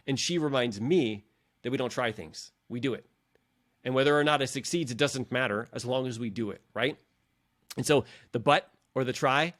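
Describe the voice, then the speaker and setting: A man's voice: medium pitch, a bit bright. A middle-aged man hosting a motivational coaching podcast in a casual, earnest and encouraging way, often calling his listeners "guys". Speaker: podcast host and leadership coach.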